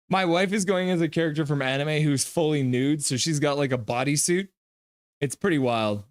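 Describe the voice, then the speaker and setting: Excitable man streaming live hockey reactions. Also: on the high side, moderate pace, pauses often, dry recording, studio quality. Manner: excitable, swears, jokey trash talk. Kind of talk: live reaction stream, play-by-play and reading chat.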